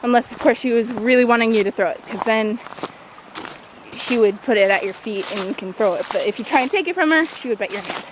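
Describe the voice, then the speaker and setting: A teenage girl vlogging as she walks through a forest outdoors, chatty and self-mocking, with jokey asides, filmed on a handheld device. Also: on the high side. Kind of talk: walking tour vlog. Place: small forest by a creek, outdoors on a windy day. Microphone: handheld iPod camera. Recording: wind noise and a rushing creek.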